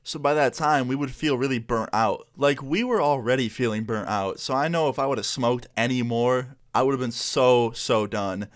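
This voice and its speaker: A man's voice: medium pitch, moderate pace, hardly any pauses. A young man casually telling a story in a laid-back, slangy way, full of "like" and "you know.". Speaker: vlogger.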